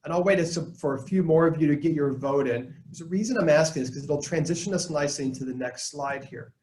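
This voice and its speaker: A man presenting a live leadership webinar, coaching his audience in an energetic tone and acting out the lines he quotes. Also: fairly high pitch, fast talker, roomy sound, rough recording. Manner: energetic, coaching tone, quotes people in put-on voices.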